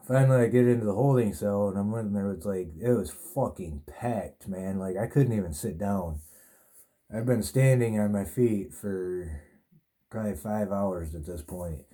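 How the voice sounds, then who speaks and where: Podcast host, man, rambling profane storyteller, very dark, mellow tone, lowish voice. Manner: rambling, heavy swearing. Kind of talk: casual storytelling.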